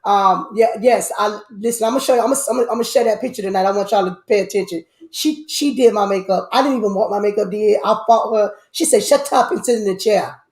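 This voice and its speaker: A woman hosting a casual live-stream chat, animated, with loud outbursts and a lot of repeating herself. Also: medium pitch, fast, hardly any pauses. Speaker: host. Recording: echoey room.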